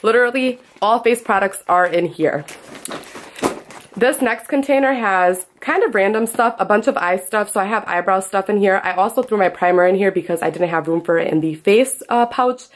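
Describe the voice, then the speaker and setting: A young woman talks through her makeup kit in a relaxed, upbeat vlog. Her delivery is chatty and casual, with plenty of asides. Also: medium pitch, moderate pace. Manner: chatty, upbeat, lots of "literally". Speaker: freelance makeup artist.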